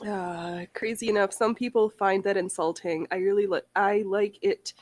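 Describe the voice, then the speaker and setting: A woman's voice: medium pitch, steady tone, normal speed, darkish tone, no room sound. A woman in casual chat, tossing in wry joking asides. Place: home sewing room.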